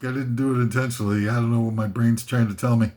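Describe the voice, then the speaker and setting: A man's voice: mid-range voice, steady tone, fast, darkish tone. A man hosting a comic list video, rambling and self-mocking as he drifts off topic.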